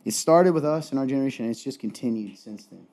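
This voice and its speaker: A man's voice: mid-range voice, quick pace, mellow. A man co-hosting a podcast, talking casually and directly to listeners in an upbeat, rambling way as he signs off. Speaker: podcast co-host.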